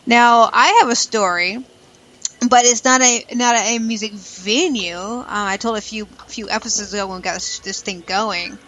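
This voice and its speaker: A woman's voice: medium pitch, moderate pace, a bit bright, poor audio. A woman hosting a casual podcast, chatty and a bit scattered, laughing between lines. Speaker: host.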